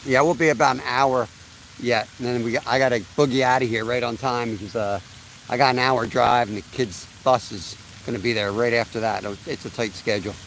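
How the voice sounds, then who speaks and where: A man's voice: mid-range voice, fairly even intonation, brisk, a bit bright, slight background noise, rough recording. A man in his thirties hosting a live fishing stream outdoors by a creek, chatting in a laid-back way and laughing often. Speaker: fishing livestream host. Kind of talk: casual live-stream chat.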